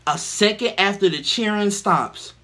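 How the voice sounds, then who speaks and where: High bright-voiced man ranting casually. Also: a little slow. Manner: slangy, profane, animated, acts out crowd reactions. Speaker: video host. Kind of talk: casual storytelling rant.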